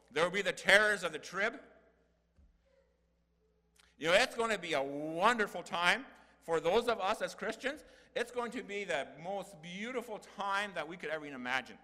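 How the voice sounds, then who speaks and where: A man's voice: sits high, sharp tone. An older man preaching a sermon in a church hall, earnest and folksy, building to emphatic peaks.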